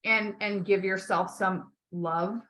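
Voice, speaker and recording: Woman, life coach, bright forceful voice, blunt, swears a lot, encouraging. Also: mid-range voice, fairly even intonation, takes it slowly. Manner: blunt, emphatic, swears often; encouraging, repeats key phrases. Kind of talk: coaching call.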